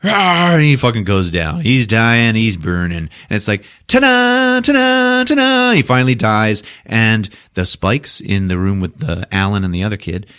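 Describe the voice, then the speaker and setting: A man hosting a podcast, recapping a movie with lots of swearing and laughter, jumping into loud shouted character voices. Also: on the low side, moderate pace, few pauses. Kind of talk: animated comedic movie recap.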